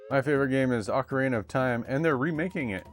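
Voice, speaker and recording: A man's voice: mid-range voice, quick pace. A man streaming a retro game, chatting casually and muttering to himself as he plays, easily frustrated. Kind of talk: casual live gameplay chat. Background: game music.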